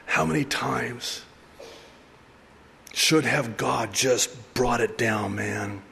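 A middle-aged male pastor giving a conversational, animated sermon with asides and laughter. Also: medium pitch, drawn-out words, creaky, long reverb tail, slight background noise. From raised by an Arab mother.

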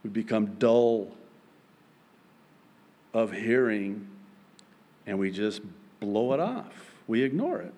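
A man preaching a sermon as pastor, with emphatic, raised high-pitched points broken by quiet, joking asides. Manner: humorous, self-deprecating asides.

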